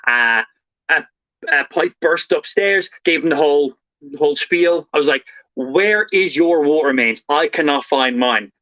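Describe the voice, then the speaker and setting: Fast-talking Irish guy, bright dry voice. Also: a little high, dry recording, muffled recording. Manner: fast, animated, swears casually. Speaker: streamer. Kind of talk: casual storytelling to a live chat.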